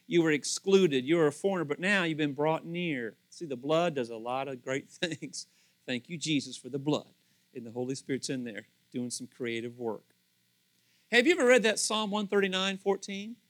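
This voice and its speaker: Preacher, male, bright forceful voice, raised pitch, storytelling sermon, dry close sound. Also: dry recording. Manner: conversational storytelling, acts out voices; animated, swings between loud and soft. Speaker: pastor.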